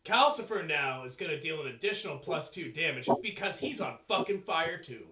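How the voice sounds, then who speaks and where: A man running a tabletop game as game master, talking casually, swearing a lot and pausing on fillers. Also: a little high, slight background noise. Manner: profane, excitable, hesitant with fillers. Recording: echoey room, distant mic.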